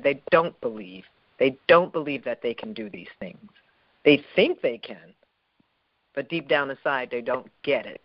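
A man's voice: on the high side, dry recording, muffled recording. A man from Philadelphia hosting an interview, affirming his guest and repeating phrases for emphasis. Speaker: interview host. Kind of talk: encouraging interview talk.

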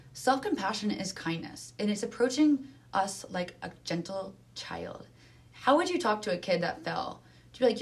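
A woman speaking earnestly in casual conversation, using lots of filler words and lively emphasis. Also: mid-range voice. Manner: earnest, animated, many fillers.

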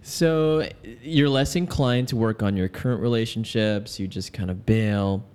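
A man's voice: fairly low pitch, measured pace, darkish tone, clear, resonant tone. A man co-hosting a casual podcast chat, joking around as he reads points from his notes. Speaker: podcast co-host.

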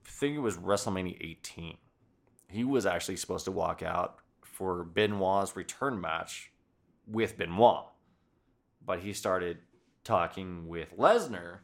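A man hosting a podcast in casual chat, talking excitedly with lots of swearing and acting out quotes. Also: low-pitched, vocal fry. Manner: excited, profane, acts out quotes. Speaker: podcast host.

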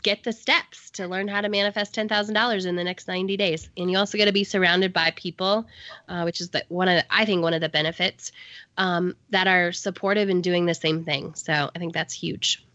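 A woman co-hosts a podcast in a bright, forward voice. She rambles and restarts her thoughts, filling gaps with ums. The sound is dry, muffled and lo-fi. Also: fairly low pitch, steady tone, brisk, dry recording. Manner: rambling, restarts, many fillers. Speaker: podcast co-host. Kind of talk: casual podcast chat.

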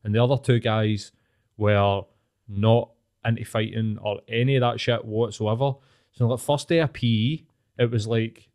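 A man's voice: medium pitch, fairly quick, darkish tone. Scottish guy late 30s, glasgow accent, sweary storyteller, casual chat. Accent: Scottish, Glaswegian.

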